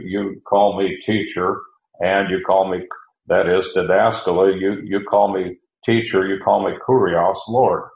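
A man preaching an expository sermon as pastor, halting often with fillers and restarts as he works through the text. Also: deep voice, creaky, echoey room, lo-fi sound.

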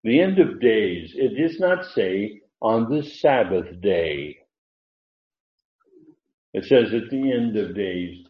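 A man preaching a sermon, explaining a Bible passage verse by verse in an unhurried, digressive way with many fillers. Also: on the low side, expressive. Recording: roomy, muffled.

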